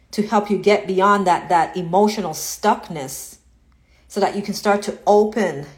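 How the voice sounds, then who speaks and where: During a casual live stream, a woman spiritual coach answers viewer comments earnestly and repetitively, growing animated when she acts out inner doubts. Her voice is mid-range.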